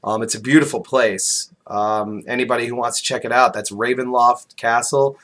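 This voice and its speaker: A man's voice: mid-range voice, steady tone, normal speed, fairly bright tone. A man speaking as a guest in casual podcast chat, modest and hesitant, with many ums and uhs.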